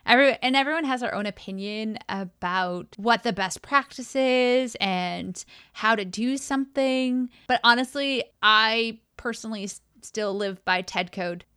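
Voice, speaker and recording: A woman's voice: a little high, unhurried, few pauses, bright, forceful tone, clean tone, no echo, studio quality. A woman co-hosting a casual tech podcast, playful and teasing, often laughing. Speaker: podcast co-host.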